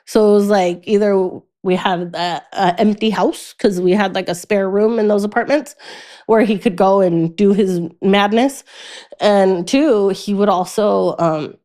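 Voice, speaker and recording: A woman's voice: mid-range voice, dark tone. A young adult woman in a casual interview, telling her life story in a chatty way, her voice jumping up when she quotes others and laughing often. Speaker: guest.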